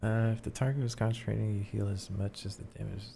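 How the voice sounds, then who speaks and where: Gravelly, flat-voiced male gamer swearing. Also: on the low side, fast talker, slight background noise. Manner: irritated, swears a lot. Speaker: streamer. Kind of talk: casual gameplay streaming. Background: game music.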